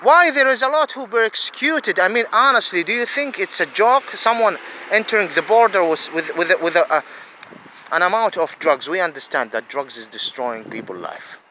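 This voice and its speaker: A man in his forties pours out a furious, profane rant, hammering the same questions again and again. His voice sits high and leaps all over the place, with a sharp, bright edge. Faint street sounds and traffic drift in behind him outdoors. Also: lively intonation, normal speed, rough recording. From Saudi Arabia. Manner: heated, profane, repetitive, with emphatic questions. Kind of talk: angry ranting monologue.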